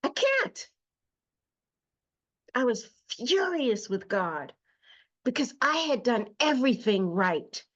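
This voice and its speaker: Slow, heartfelt woman telling her story. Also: mid-range voice, a bit bright, lo-fi sound. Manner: slow, emotional storytelling with emphatic repetition. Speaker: host. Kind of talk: personal testimony monologue.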